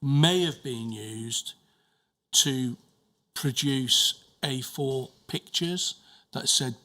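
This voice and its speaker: A man testifies as a witness in a hearing room, answering slowly and carefully. His voice is bright and forceful. He restarts his sentences often and repeats words while he searches for the right phrasing. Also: mid-range voice. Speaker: witness giving evidence. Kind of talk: answering questions at a formal inquiry.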